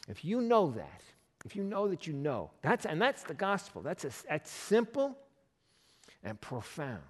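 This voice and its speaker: A man pastor preaching a sermon in a lively, conversational way, firing off rhetorical questions at his congregation. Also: fairly high pitch, normal speed, in a large hall.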